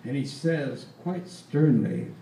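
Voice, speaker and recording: On a live stage, a man in his eighties spins a rambling folksy story and chuckles along the way. He's a folk performer and storyteller whose voice sits fairly high, moves slowly and sounds warm. The distant mic picks up a roomy hall with faint ambience and a little hiss or hum.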